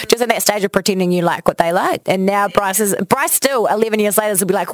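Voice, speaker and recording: A woman's voice: fast talker, dry recording. A woman, a radio host telling personal stories in casual chat, acting out quotes with big jumps in voice. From New Zealand. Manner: animated, acts out quotes with big pitch jumps. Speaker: radio host, podcast guest.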